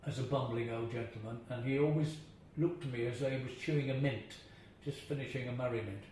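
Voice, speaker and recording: A man's voice: mid-range voice, fairly quick, a little mellow. Older guy reminiscing, chuckly storyteller, big echoey room, faint hiss. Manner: chuckling storyteller, mimics voices in his anecdotes. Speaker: actor being interviewed. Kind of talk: anecdotal reminiscing.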